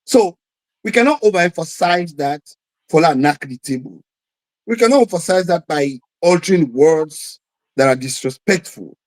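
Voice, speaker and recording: Emphatic Sierra Leonean man, fairly high. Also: animated, moderate pace, darkish tone, rough recording. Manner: emphatic and repetitive, mixing in Krio phrases. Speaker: guest. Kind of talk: political discussion.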